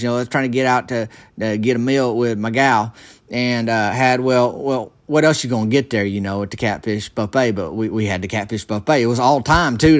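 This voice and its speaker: A young man telling a rambling comic story in a folksy, halting way, full of restarts. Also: mid-range voice.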